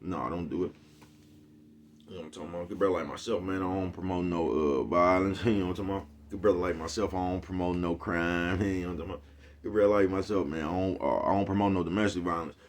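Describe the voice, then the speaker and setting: A man with a very low voice talks straight to his audience in a casual, meandering monologue. He is slangy and profane, laughs softly between thoughts, and keeps checking in with the same repeated phrase. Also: fairly even intonation, fast, slight background noise. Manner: repeats a catchphrase, chuckles often, slangy and profane. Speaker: YouTube host. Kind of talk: casual rambling monologue to viewers.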